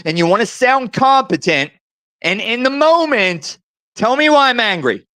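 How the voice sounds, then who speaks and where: A man rants and swears over a video call, his voice pitched high. The sound is dry and close, with no room around it. He stays hostile and loud throughout. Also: big pitch swings, moderate pace, no room sound. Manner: hostile, yelling and cursing. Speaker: caller on a livestream. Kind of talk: angry ranting on a video call.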